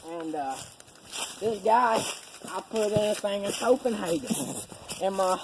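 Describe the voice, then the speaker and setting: A man's voice: high-pitched, measured pace. Profane young man rambling. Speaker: cameraman. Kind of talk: casual rambling storytelling. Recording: noisy outdoor camera audio.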